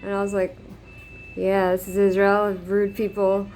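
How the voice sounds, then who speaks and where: A woman's voice: medium pitch, monotone, a little slow, a little mellow, a little hiss or hum. A woman telling a personal story to her camera in a rambling, casual way, with many fillers, restarts and frequent laughs. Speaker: vlogger. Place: living in Israel.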